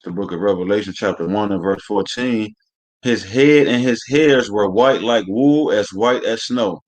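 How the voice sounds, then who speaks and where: In a live-streamed scripture lesson, a man with a fairly low pitch and moderate pace reads out verses before commenting on them. His commentary is coarse and preachy; he curses freely and keeps saying "man."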